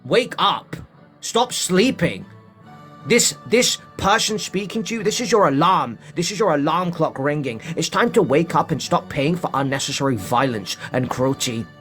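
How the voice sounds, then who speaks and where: Preachy high-voiced male streamer. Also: animated, normal speed, a bit bright, soft background music. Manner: preachy, urging, repeats for emphasis. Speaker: live streamer. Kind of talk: impassioned live-stream monologue. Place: home live stream.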